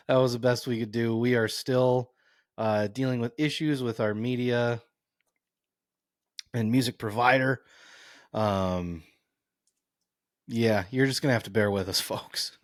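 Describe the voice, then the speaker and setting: A young man co-hosts a casual sports podcast in an unhurried, laid-back way, dropping dry teasing remarks. His voice sits at an ordinary mid pitch. The recording is close and dry. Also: no room sound. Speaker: podcast co-host.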